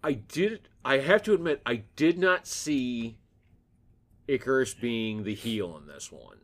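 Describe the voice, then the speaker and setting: A man's voice: medium pitch, lively intonation, measured pace. A man co-hosting a podcast in casual chat, rambling with frequent restarts. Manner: rambling, restarts and self-corrections. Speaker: podcast co-host.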